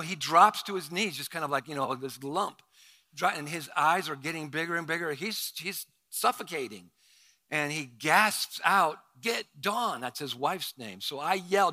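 A middle-aged male pastor telling a story in his sermon, animated and acting out the quotes with sudden loud outbursts. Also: fairly high pitch.

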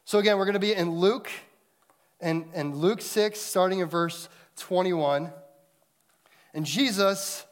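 Man preaching with a storytelling swing. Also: fairly high pitch. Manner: storytelling, conversational with the congregation; dynamic, swings between loud and hushed. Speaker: pastor. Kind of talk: sermon.

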